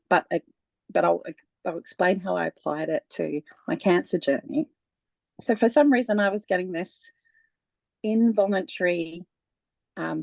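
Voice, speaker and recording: A woman speaking as a guest in a relaxed, conversational personal account, with frequent laughs and many fillers. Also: fairly low pitch, creaky, no echo.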